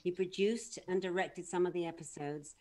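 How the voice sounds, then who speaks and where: A woman's voice: on the low side, steady tone, normal speed, a little mellow. A woman who is a voice artist, talking casually and modestly over a video call. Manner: modest, laughing, proud parent. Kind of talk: casual chat.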